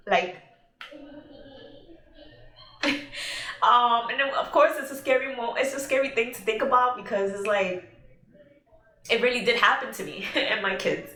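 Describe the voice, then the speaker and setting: A woman's voice: medium pitch, sharp tone. A young woman vlogger telling an emotional story in a casual, rambling way, with many fillers. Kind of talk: casual storytelling while eating. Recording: echoey room.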